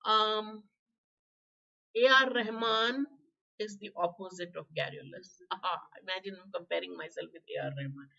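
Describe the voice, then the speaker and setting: A hoarse woman with an Indian English accent teaching a live online vocabulary class, chatty, quizzing students by name and clearing her throat. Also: medium pitch, moderate pace, bright, forceful tone, dull audio. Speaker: exam prep teacher.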